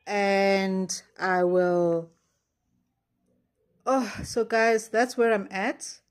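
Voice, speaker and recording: A woman's voice: mid-range voice, little pitch movement, drawn-out words, clean tone. A woman talking through her faith in a casual diary-style vlog, earnest and rambling. She stops herself often and sounds anxious, close to panic. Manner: earnest, rambling, self-interrupting. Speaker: faith vlogger.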